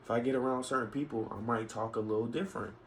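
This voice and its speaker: A man rambles through an opinion vlog, venting with many restarts and digressions. His medium-pitched voice is steady and a bit bright, his pace quick, and the rough recording has faint background noise.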